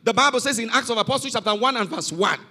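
In a church hall, a pastor preaches to a youth conference in a very high, pushed, bright voice, talking fast and animatedly. He is emphatic, repeating his calls to the congregation, including "you are not hearing me."

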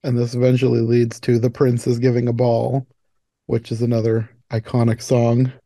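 A man hosting a relaxed film podcast, his voice mellow and dark. He talks casually with lots of fillers and laughs easily. The sound is dry and close. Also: mid-range voice, moderate pace, no room sound. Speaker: podcast host. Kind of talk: casual chat.

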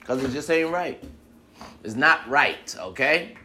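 A man's voice: mid-range voice, expressive, slow pace, pushed and bright, slight background noise. A man delivering a profane comedic rant straight to the listener, acting out both sides of a date as he goes.

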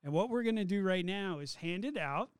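A man's voice: high-pitched, animated, brisk, clear, resonant tone, dry recording. Upbeat joking male host, dry mic. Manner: upbeat, joking, runs the segments. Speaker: podcast host. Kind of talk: casual chat.

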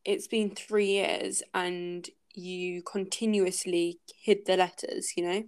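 A woman's voice: fairly low pitch, level tone, slow pace, a little mellow, clean tone. A woman hosting a casual book-club podcast, thinking aloud and hesitating with many fillers as she talks through a chapter.

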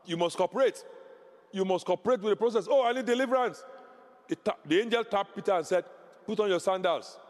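High-voiced emphatic male pastor preaching. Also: fast, in a large hall. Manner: emphatic, repeats key phrases, rises to exclamations. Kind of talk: sermon.

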